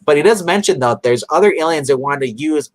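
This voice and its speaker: A man's voice: on the high side, animated, fast, dry recording, poor audio. A man co-hosting a casual episode recap, rambling with many fillers and acting out characters' lines. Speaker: podcast co-host.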